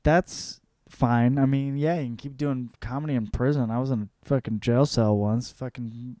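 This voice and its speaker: The podcast host, a man in his thirties, has a mellow mid-range voice with fairly even intonation and a normal speed, captured dry with clean studio sound. His casual comedic monologue rambles profanely through listener comments, and he laughs at his own jokes.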